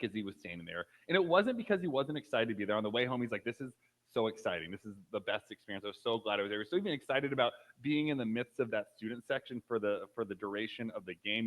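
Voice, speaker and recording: A man's voice: mid-range voice, poor audio. A man in his thirties giving a casual, conversational sermon, telling a personal story with frequent fillers. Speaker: pastor.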